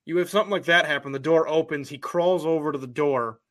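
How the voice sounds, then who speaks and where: A man co-hosting a casual wrestling talk show, playful and animated in his telling. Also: fairly high pitch, fast talker. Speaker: podcast co-host.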